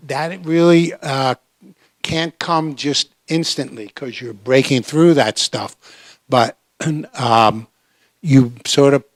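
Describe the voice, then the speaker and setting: A man on a labor panel speaking deliberately, often clearing his throat as he tells a story. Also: medium pitch, no echo.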